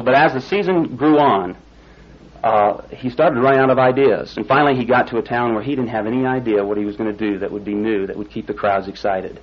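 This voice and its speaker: A man's voice: mid-range voice, slightly rough, highs cut off. A man preaching a sermon, telling a folksy illustration story before turning to scripture. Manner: folksy storytelling, rising excited when telling the climax.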